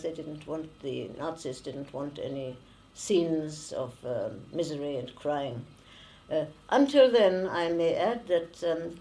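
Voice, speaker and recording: A woman in her nineties with a German accent, giving oral history testimony slowly and haltingly, with many pauses and fillers. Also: on the low side, warm tone, rough recording. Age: 90s. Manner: slow and halting, with frequent fillers. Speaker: interviewee, former refugee.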